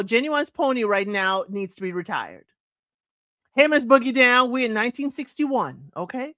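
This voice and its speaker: Woman host, chatty and laughing, higher voice, dry close mic. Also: a bit bright, no room sound. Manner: chatty, laughing, half-sings song lines. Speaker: podcast host. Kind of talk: casual chat reviewing old chart songs.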